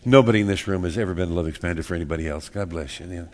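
A man's voice: low voice, very fast. A man preaching a sermon in a church, folksy and joking, repeating words and acting out little everyday scenes. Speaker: pastor.

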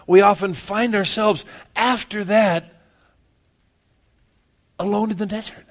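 A man preaching a sermon in a casual, conversational way, often calling his listeners "man" and "guys", repeating words as he builds, and moving between loud and hushed delivery. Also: high-pitched, fairly even intonation, slow, pauses often.

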